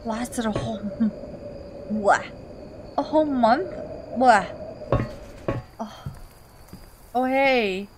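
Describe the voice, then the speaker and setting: A woman giving casual commentary on a horror game she is playing. She swings from quiet mutters to shrieks and laughs often. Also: a little high, very slow, pauses often, slight background noise. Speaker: gaming channel host.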